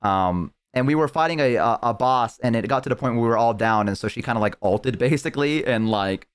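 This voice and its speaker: A man's voice: mid-range voice, a little fast, clear, resonant tone. A young man streaming live, telling a long, rambling story in casual chat with lots of fillers and restarts.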